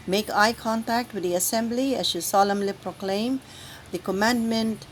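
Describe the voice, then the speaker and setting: A woman guiding church lectors through the Sunday readings, speaking in a slow, deliberate, carefully enunciated way. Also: mid-range voice, a little hiss or hum, low-quality recording. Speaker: lector trainer. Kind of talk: instructional reading guide.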